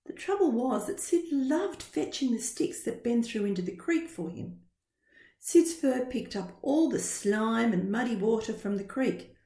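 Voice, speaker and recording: A woman reads a children's picture book aloud, slowly and with animated, sing-song expression. Her voice sits fairly high for a woman. The recording has a roomy echo. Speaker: storyteller.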